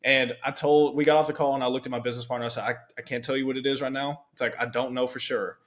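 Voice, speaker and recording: A young man hosting a podcast, telling stories in an animated, chatty way with many asides. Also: mid-range voice, racing. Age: young adult. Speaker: podcast host. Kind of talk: conversational interview.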